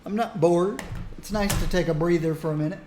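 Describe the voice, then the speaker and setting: Chatty male streamer, high voice, roomy sound with faint hiss. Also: brisk, darkish tone. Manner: chatty, rambling, laughs often. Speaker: gaming streamer. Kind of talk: casual gameplay commentary.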